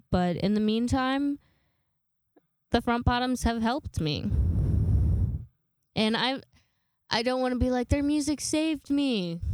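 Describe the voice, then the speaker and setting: Young woman, solo podcast host, congested, rambly and self-mocking, smooth clear tone in a dry close sound. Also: mid-range voice, dry recording. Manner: rambling, self-deprecating, swears casually. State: congested from a sinus infection. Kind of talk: casual solo podcast monologue.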